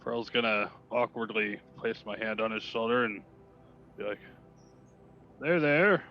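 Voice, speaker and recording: A man's voice: on the low side, flat delivery, moderate pace, faint music behind. A man playing a tabletop game who talks in a casual, rambling way, on a lo-fi recording. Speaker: player. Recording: lo-fi with faint noise.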